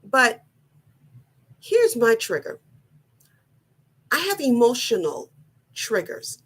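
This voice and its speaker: A middle-aged woman giving a personal motivational talk, slow, earnest and deliberate, often repeating her phrasing. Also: a little high, lively intonation, a bit bright. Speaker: wellness vlogger.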